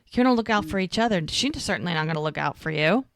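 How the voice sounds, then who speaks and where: A woman's voice: on the low side, expressive, fast, dry recording, studio quality. A woman co-hosting a podcast, casually recapping an episode and acting out the characters' lines as she goes. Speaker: podcast co-host.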